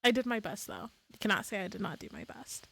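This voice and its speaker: A woman's voice: medium pitch, big pitch swings, fast talker, creaky, fairly bright tone. A woman streamer chatting casually on a live stream, swearing freely and laughing at her own slips.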